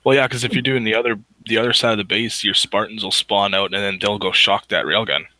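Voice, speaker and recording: A man trading wry jokes on a casual gaming chat and swearing freely. His voice sits a bit low but has a bright, sharp edge. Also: fairly even intonation, quick pace, no echo, low-quality recording.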